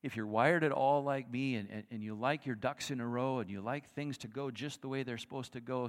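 A male pastor preaching a sermon in a conversational, animated way, acting out the people in the story. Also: medium pitch, in a large hall. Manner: animated, conversational, acts out quotes.

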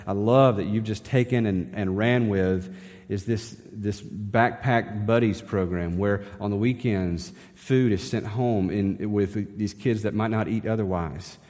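In a church sanctuary with long reverb, a man preaches as pastor in a lowish, darkish voice, keeping a steady tone and moderate pace. His style is conversational, and he frequently poses rhetorical questions to the congregation.

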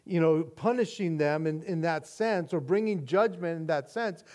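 A male pastor with a high voice delivers an earnest sermon at normal speed, often restarting as he shifts between soft and emphatic moments.

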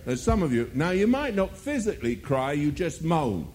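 A man's voice: on the high side, sing-song, normal speed, hardly any pauses, a little mellow, a little hiss or hum. A male preacher delivering a sermon, firing rhetorical questions and mocking asides.

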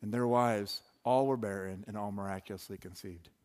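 A man's voice: on the low side, fairly even intonation, a little fast, a little mellow. A man preaching a sermon in a loose, conversational way, full of asides and restarts. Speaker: pastor.

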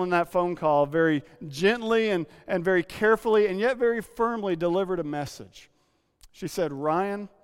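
A pastor preaching a sermon, telling a personal story in a confessional way with frequent restarts. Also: male voice, fairly high pitch, smooth. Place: church sanctuary. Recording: long hall reverb.

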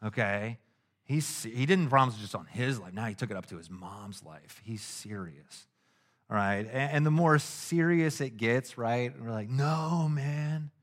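Animated, slangy middle-aged pastor. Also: male voice, mid-range voice, unhurried. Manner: animated and casual, with slangy asides and acted-out anecdotes. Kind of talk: conversational sermon.

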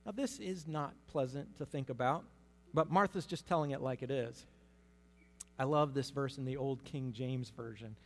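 A man giving conversational Bible teaching, telling the story in a lively way with humorous asides. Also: mid-range voice, normal speed. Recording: long hall reverb.

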